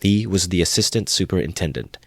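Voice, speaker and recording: A man narrating a classic novel in a measured amateur audiobook reading. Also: low-pitched, lively intonation, gravelly, no room sound, studio quality.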